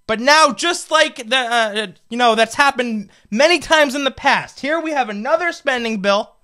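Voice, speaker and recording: A man's voice: very high-pitched, normal speed, sharp tone. A man in his twenties, a political commentator, delivering a fired-up, indignant opinion rant full of rhetorical questions. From United States. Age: 20s.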